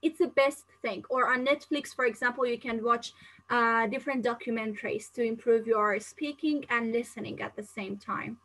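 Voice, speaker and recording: Bright-voiced young female teacher. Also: a little high, steady tone, moderate pace, rough recording. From not Turkey, living there. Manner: chatty, explains with many examples and fillers. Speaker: English teacher answering live questions. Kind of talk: live Q&A lesson.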